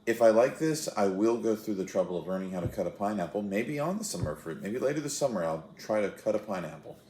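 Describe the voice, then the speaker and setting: Deep-voiced man rambling in an echoey room. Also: lively intonation, fast talker, a little mellow. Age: 30s. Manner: rambling, self-deprecating, with filler restarts. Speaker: host of a fruit-tasting web show. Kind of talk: casual to-camera chat.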